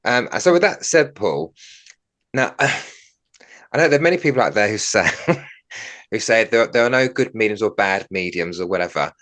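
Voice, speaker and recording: A man's voice: on the low side, lively intonation, normal speed, pauses often, a bit bright. A man hosting an interview and speaking in a frank, conversational way. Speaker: podcast host.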